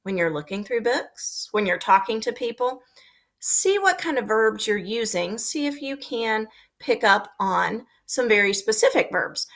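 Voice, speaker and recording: Slow, bright-voiced teacher talking to kids. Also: female voice, on the high side. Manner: slow, clear and expressive, acting out example sentences. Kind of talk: remote lesson for young children.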